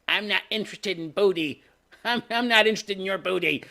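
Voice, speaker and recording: A man voicing a cold, dismissive young woman warrior in a mocking, shrill tone. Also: brisk, gravelly, sharp tone, exaggerated voice.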